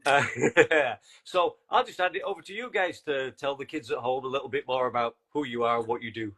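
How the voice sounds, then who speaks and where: A man's voice: mid-range voice, brisk, a bit bright. A man hosting a casual podcast chat, joking and laughing often with his guests. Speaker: podcast host.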